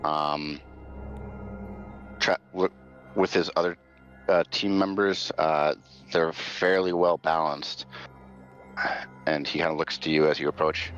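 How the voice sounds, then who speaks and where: A man's voice: extremely low pitch, fairly even intonation, slow pace, long pauses, faint music behind. A man narrating as game master, rambling with many fillers and frequent laughter. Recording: dull lo-fi audio.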